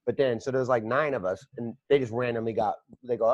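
A man's voice: mid-range voice, a little fast, a little mellow, no echo, highs cut off. A man hosting a podcast, rambling through profane stories in casual chat on a close mic. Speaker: podcast host.

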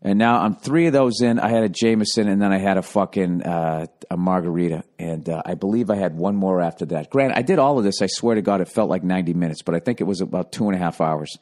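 A podcast host with a fairly low, darkish voice tells a long, rambling story alone on his show, talking fast with few pauses. He swears freely and keeps breaking off to do high, mocking impressions of the people involved.

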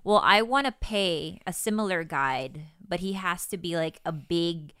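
A woman co-hosting a podcast in casual chat, blunt and swearing, pausing often with ums. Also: lowish voice, bright, forceful tone, clear, resonant tone, no echo, clean studio sound. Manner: blunt, hesitant with many ums while telling a story. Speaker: podcast co-host.

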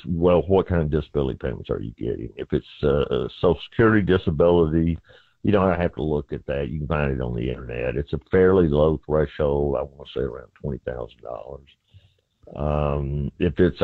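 A man with a Southern accent explains legal questions in plain, folksy terms as a call-in radio guest. His voice sits very low. It comes through a thin, tinny phone line. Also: vocal fry, dry recording. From Tennessee. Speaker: constitutional lawyer, call-in guest.

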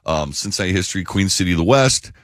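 A man's voice: sits low, lively intonation, fast talker, fairly bright tone, dry recording. A man hosting a radio talk show in a studio, talking with enthusiasm and a rambling flow. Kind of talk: radio interview.

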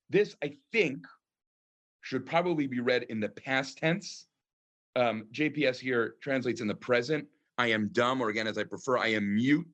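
A man, a rabbi, teaching a class on scripture, reading verses aloud and translating them, with frequent pauses and ums. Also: mid-range voice, a bit bright. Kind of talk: lecture on scripture.

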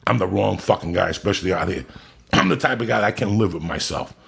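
A man's voice: sits low, fast, fairly bright tone. A man telling a long story in casual podcast chat, blunt and profane. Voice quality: gravelly, raspy. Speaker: podcast host.

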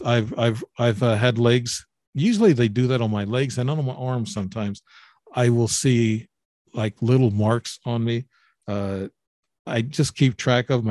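Man, seventies, mid-pitched, stop-start delivery with frequent repeats, interview guest telling his story. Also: darkish tone, no echo, clean studio sound. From Illinois. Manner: halting, repeats words and restarts often. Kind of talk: interview, personal account.

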